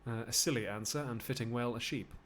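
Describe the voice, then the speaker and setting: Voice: medium pitch, quick pace, voice pushed down, natural voice. A streamer reading the part of a lovesick young nobleman in a live amateur read-through of a play. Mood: bantering. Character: young lovesick male nobleman, moony and wordy.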